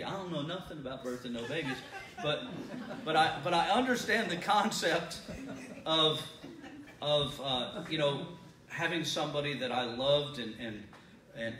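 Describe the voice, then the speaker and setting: A man's voice: medium pitch, a bit bright, far from the mic, slight background noise. A middle-aged man leading a Bible study in a congregation room, talking in a conversational, folksy way with repeated words and frequent laughs. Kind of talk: sermon-style Bible teaching. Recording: echoey room, voice from off the mic.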